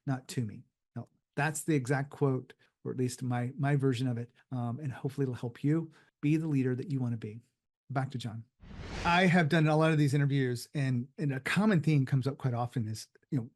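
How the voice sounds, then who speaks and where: A man's voice: medium pitch, darkish tone. A man hosting an interview show on leadership, asking questions and adding reflective, motivational asides. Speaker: podcast host.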